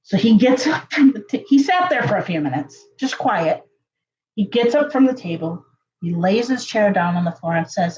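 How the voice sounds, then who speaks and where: A woman telling a story to her viewers in a casual, chatty way, full of fillers and lively jumps in pitch. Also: moderate pace, lo-fi sound. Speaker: channel host.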